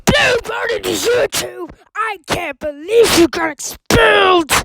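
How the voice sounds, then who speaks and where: A woman voicing an angry, strict parent who scolds and shouts at a child. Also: very high voice, animated, slow, background noise, full character voice. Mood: furious.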